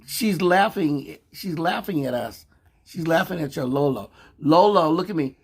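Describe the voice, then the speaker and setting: A man's voice: on the high side, lively intonation, a little slow, husky. An older man hosting a casual vlog, teasing and joking in a folksy, playful way with his grandson. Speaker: vlog host. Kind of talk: casual live chat with grandson.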